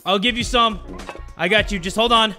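A man doing let's-play commentary, joking and animated, swearing freely as he plays. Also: high-pitched, normal speed, faint music behind. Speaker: gaming YouTuber.

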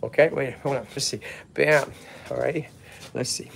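A man from Lowell with a Massachusetts accent, hosting a casual livestream outdoors and chatting eagerly with viewers and his animals. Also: steady tone, moderate pace, gravelly, slight background noise. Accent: Boston-area Massachusetts. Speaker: tortoise sanctuary host. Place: outdoors at a tortoise yard. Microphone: handheld phone camera, filming himself.

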